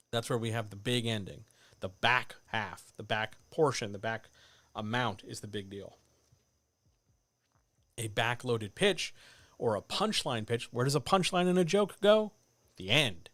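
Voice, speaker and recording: A man coaching writers in a livestreamed talk, animated and addressing listeners directly, with muttered asides to himself. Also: medium pitch, dry recording. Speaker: writing coach. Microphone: desk microphone.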